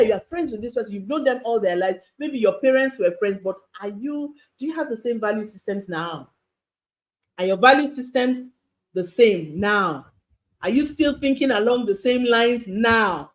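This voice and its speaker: A middle-aged woman, teaching a parenting course in a lively, spontaneous lecture. She repeats her points and asks rhetorical questions. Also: medium pitch.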